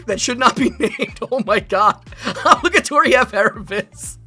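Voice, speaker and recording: A woman VTuber chatting casually on a live stream. She reads out viewer comments in an animated, rambling way and is quick to laugh. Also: mid-range voice.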